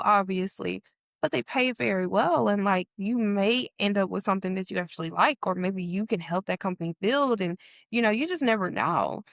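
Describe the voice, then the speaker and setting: A young adult woman talking casually on a podcast panel, telling stories in an animated way with lots of fillers. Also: medium pitch, no room sound, clean studio sound. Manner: chatty, many fillers, animated storytelling.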